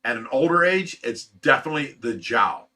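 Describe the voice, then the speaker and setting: A man's voice: medium pitch, animated, moderate pace, bright, forceful tone. A man hosting a casual livestream, reading out viewer comments and answering them in a loose, blunt way with frequent chuckles. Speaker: fish rescue host reading viewer comments.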